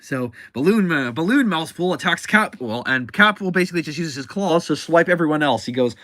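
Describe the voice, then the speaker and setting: A man's voice: on the high side, lively intonation, a little fast, few pauses, fairly bright tone, no echo. Chatty, rambling man recapping comics. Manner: rambling, self-correcting, chatty. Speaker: comic book reviewer.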